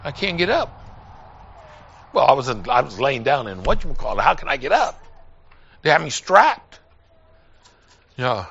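An older man preaching a sermon, telling a personal story and building up to loud calls to his listeners. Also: mid-range voice, big pitch swings, normal speed, creaky, pauses often, husky, lo-fi sound. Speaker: pastor.

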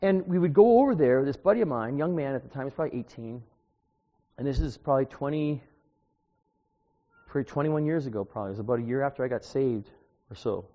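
A man's voice: mid-range voice, lively intonation, fast talker. A man in his sixties preaching an informal, self-deprecating sermon from a church pulpit, with chatty asides to the congregation. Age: 60s. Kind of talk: conversational sermon with personal stories. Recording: dull, echoey church recording.

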